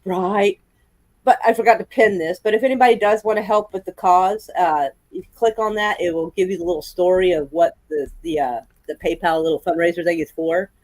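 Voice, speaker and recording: A woman's voice: lowish voice, fairly even intonation, fairly quick, a little mellow, dry recording, poor audio. Woman livestream host, casual and profane, laughs easily, dry close recording. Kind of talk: casual chat. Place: indoors at home.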